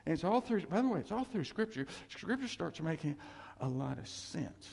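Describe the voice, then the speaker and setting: A man preaching a sermon as a pastor, animated, acting out quotes and laughing often, in an echoey church hall. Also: on the high side, normal speed, vocal fry, slightly rough.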